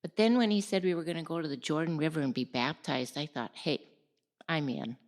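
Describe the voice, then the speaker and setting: A woman's voice: low-pitched, fairly quick. A woman with a Minnesota accent, a podcast guest earnestly sharing her experiences. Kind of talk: casual podcast chat.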